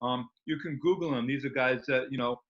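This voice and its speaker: A man's voice: mid-range voice, a little fast, fairly bright tone. A man speaking as an interview guest, rambling and enthusiastic with many fillers. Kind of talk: casual interview talk. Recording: dull lo-fi recording.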